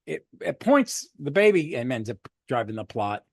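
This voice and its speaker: A man co-hosting a podcast, chatting casually about a superhero movie, rambling and swearing freely with animated bursts. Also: medium pitch, normal speed, gravelly, slightly rough, no room sound, studio quality. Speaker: podcast co-host. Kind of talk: casual movie review chat.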